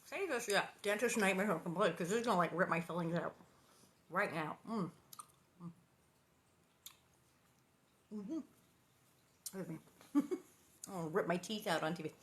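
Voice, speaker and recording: Bright-voiced woman, chatty storyteller. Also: on the low side, slight background noise. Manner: chatty, rambling, playful asides. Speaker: actress reading a children's novel aloud. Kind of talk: casual chat and reading aloud.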